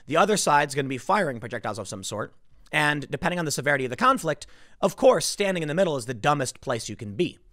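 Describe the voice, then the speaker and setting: A man's voice: a little high, a bit bright, no echo, clean studio sound. A man hosting casual political commentary, emphatic and exasperated in how he talks.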